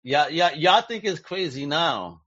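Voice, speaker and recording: A man's voice: on the high side, a little slow. Blunt, profane New man. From New York. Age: 40s. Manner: blunt, profane, animated storyteller. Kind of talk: casual chat. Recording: dull lo-fi sound.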